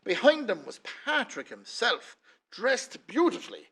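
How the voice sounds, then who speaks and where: A man's voice: sits high, wildly swooping pitch, measured pace, creaky, a bit bright, breathy edge. A man with an Irish accent tells a local folk tale in a chatty, rambling way, full of "he says" asides. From Ireland. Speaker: storyteller. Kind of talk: folksy spoken storytelling.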